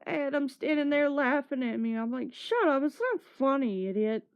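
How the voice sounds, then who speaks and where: A female streamer with a high-pitched voice chats casually at a normal speed, telling a long story full of swearing and laughter. The stream audio is muffled and lo-fi.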